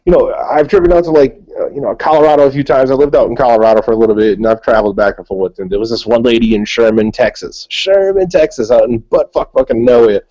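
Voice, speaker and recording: A man's voice: mid-range voice, fast talker, few pauses, warm tone, lo-fi sound. A man from New England with a Massachusetts accent, rambling and swearing through stories in a casual chat on a group call. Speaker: panelist.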